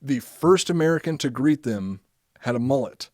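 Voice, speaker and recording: A man's voice: medium pitch, expressive, moderate pace, a little mellow, no echo, studio quality. A man hosting a podcast, reading from notes with lots of swearing and joking. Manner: profane, jokey, often laughing. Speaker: podcast host.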